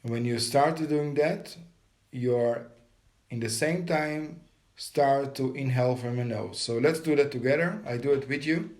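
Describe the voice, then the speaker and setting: A man leading a guided meditation, giving calm step-by-step breathing instructions. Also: medium pitch, a little slow.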